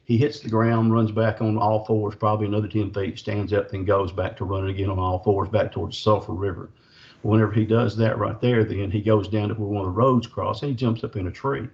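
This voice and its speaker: Middle-aged man, low-pitched, rambling folksy storyteller, muffled lo-fi audio. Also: level tone, fairly quick, creaky, a little mellow. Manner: folksy, rambling, full of fillers and asides. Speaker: Bigfoot researcher, podcast guest. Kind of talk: storytelling an encounter.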